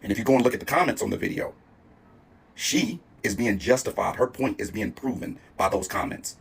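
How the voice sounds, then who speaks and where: Man with a husky voice, earnest and measured commentary. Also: medium pitch. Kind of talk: social media commentary.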